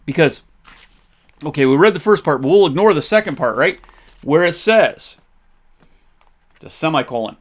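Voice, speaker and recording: On his faith-based history podcast, a man speaks in an animated, high-ish voice at normal speed, pausing often. He grows fired up and impassioned, talking conversationally with frequent restarts.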